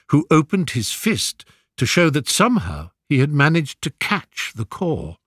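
A man narrates a story at an unhurried, deliberate pace. His delivery is expressive, with a melody that rises and falls widely. The recording is dry and close, with no room sound. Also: mid-range voice, dry recording. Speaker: audiobook narrator. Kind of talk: scripted narration.

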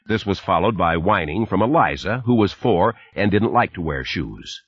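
A man narrating an audiobook in a lively, expressive reading. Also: sits low, normal speed, slightly rough, no echo, dull audio. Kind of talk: scripted narration.

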